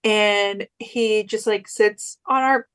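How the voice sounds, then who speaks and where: A young woman co-hosting a podcast, telling a long story in a loose, chatty way. She stays at a middle pitch and breaks into quoted voices as she goes. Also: steady tone, slow, a bit bright, clean tone. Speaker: podcast co-host. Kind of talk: casual chat.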